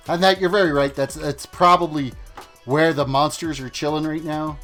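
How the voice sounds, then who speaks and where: Rambling male streamer, a bit high-voiced, casual live chat over faint music. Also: fairly even intonation, brisk, fairly bright tone. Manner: rambling, chatty, talks to chat while playing. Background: faint music and keyboard typing.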